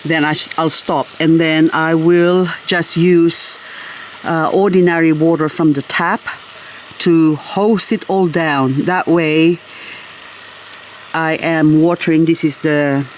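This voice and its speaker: A woman's voice: low voice, steady tone, slow, slight background noise, poor audio. A woman vlogging as she waters her garden. She chats casually and talks fondly to her plants. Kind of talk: casual chat while working.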